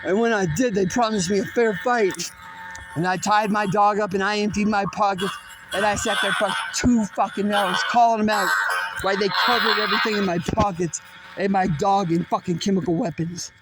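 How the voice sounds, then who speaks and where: Furious ranting man, high-pitched. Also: steady tone, normal speed, slight background noise. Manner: aggressive, profane, threatening; rambling, swings between shouting and muttering. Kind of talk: angry rant at an unseen person.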